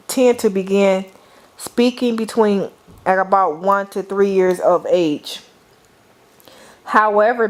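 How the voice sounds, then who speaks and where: Slow, deliberate middle-aged woman lecturing. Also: medium pitch. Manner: deliberate, calls on the class, repeats and restarts phrases.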